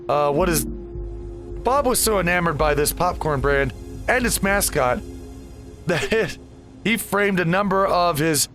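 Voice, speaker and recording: A man's voice: sits high, fairly bright tone. A man hosting a casual let's play, rambling and easily distracted with chatty asides. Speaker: gaming video host.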